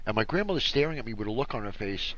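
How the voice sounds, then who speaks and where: Animated, bright-voiced man telling stories. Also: fairly low pitch, racing, muffled recording. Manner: animated storyteller, acts out family members. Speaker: podcast co-host. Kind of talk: casual chat.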